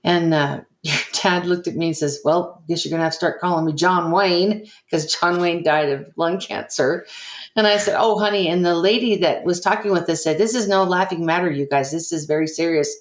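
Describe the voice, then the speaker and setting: Older woman, guest. Earnest storyteller, lower pitch, echoey room. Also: fairly quick. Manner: earnest, emotional retelling with quoted dialogue. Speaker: interview guest. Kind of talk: personal storytelling.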